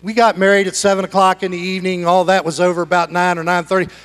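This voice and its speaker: High-voiced animated male pastor preaching. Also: fast talker, clean tone. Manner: animated, swings from hushed asides to shouting. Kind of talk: sermon. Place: church sanctuary.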